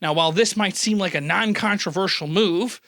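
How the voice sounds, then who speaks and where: A man's voice: high-pitched, moderate pace, a bit bright, no echo, clean studio sound. A man from the Midwest hosting a comedic news roundup, sarcastic and full of mock-outraged asides. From American Midwest. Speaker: news host.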